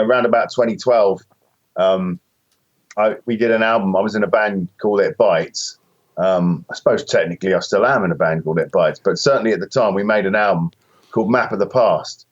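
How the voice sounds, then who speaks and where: British musician guest, low voice, muffled remote line, rambling self-deprecating talk. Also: male voice. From Britain. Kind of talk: casual interview chat.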